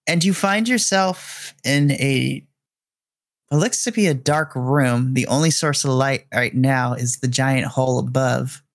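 A man narrating a tabletop game as game master, slow and deliberate as he sets scenes. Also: medium pitch, dry recording, clean studio sound. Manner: drawn-out, deliberate narration with voiced characters.

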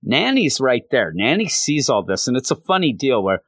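A man's voice: mid-range voice, big pitch swings, normal speed, few pauses, a bit bright, no room sound. A man reviewing comics in casual, rambling talk, full of fillers. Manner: rambling, many fillers like "you know".

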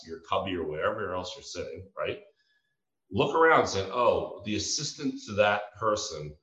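A deep-voiced man in his fifties tells stories and gives advice, acting out the people he quotes. He sounds like he is some way from the mic. The sound is roomy and a little dull. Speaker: former floor trader and mentor. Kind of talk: storytelling talk with advice. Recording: distant roomy lo-fi recording.

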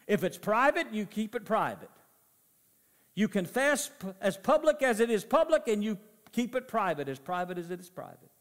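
A middle-aged male pastor preaching a sermon, swinging from loud emphasis to soft, low asides. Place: church sanctuary. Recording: long church reverb.

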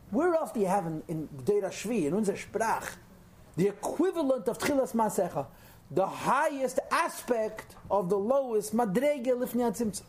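A man's voice: high-pitched, darkish tone, slight background noise. A man leading a text lesson for a small group. He explains carefully, stresses key terms and makes dry, self-mocking asides. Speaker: teacher of a Hasidic text class.

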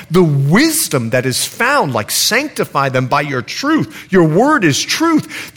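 A middle-aged man pastor preaching a sermon, telling stories earnestly and dropping to a hush on solemn points. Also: on the high side.

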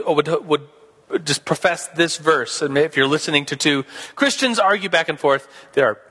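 A man's voice: fairly high pitch, pushed and bright, big-room sound. A man teaching a Sunday school class in a casual, playful way, acting out both sides of a debate.

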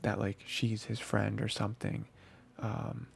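Recapping anime episodes for his podcast, this host rambles casually, stumbling through fillers and restarts. He speaks in a monotone at a measured pace, his voice on the low side and gravelly with a husky edge.

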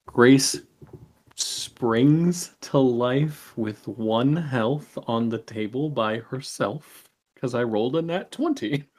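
A man acting as game master, calmly narrating turns and explaining rules of a tabletop game. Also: medium pitch. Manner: measured, explains rules with fillers.

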